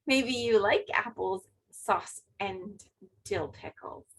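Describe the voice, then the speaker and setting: A woman teacher giving a remote phonics lesson to second graders, speaking clearly and encouragingly to young children. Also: a little high, very animated, slow, low-quality recording.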